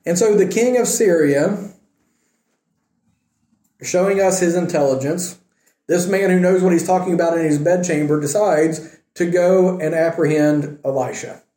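A man's voice: fairly high pitch, unhurried, mellow, roomy sound. A man teaching a casual Bible lesson, retelling a scripture story in a conversational way with wry asides.

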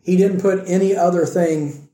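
A man preaches to his congregation, earnest and conversational, pressing his points with rising emphasis. His voice sits a little high yet sounds very dark and mellow. The sound carries the echo of a church room. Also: fairly even intonation, moderate pace. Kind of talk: sermon.

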